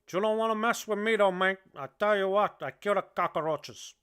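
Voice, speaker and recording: A man's voice: sits high, normal speed, a bit bright, clean tone, voice pushed up. A man putting on a brash Cuban gangster with a Cuban Spanish accent, rambling and boastful with constant "man"s. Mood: swaggering. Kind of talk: comedic impression on a livestream.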